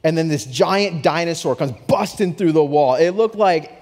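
A young adult man preaching a sermon, telling a story with animated swings from hushed to excited. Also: a little high, moderate pace. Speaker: pastor. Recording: long hall reverb.

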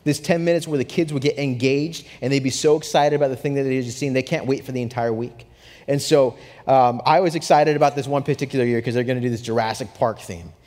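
Animated male preacher in a reverberant hall. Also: medium pitch, fast talker. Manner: animated storytelling, swings from hushed to excited. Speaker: pastor. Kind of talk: sermon.

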